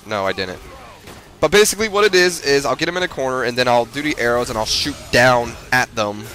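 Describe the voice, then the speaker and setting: A man's voice: medium pitch, lively intonation, fairly quick, pushed and bright. A man giving rambling, self-deprecating gameplay commentary, full of fillers and restarts. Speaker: gamer.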